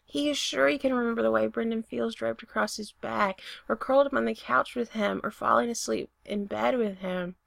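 A woman reading a romance story aloud, steady in her narration and voicing the dialogue. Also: fairly high pitch, normal speed, vocal fry, few pauses, dry recording, studio quality. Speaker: reader. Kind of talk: reading fan fiction aloud.

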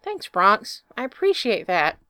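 A woman's voice: mid-range voice, wildly swooping pitch, measured pace, pushed and bright, smooth, no room sound, studio quality, exaggerated voice. A woman voicing a scratchy, nervous man. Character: nervous adult man hiding a secret, scratchy throat.

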